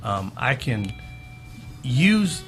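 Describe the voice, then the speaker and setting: In this casual interview, a guest in his fifties from Southern California tells stories and acts out the voices of the people in them. His voice is medium-pitched with drawn-out words, and soft music plays in the background.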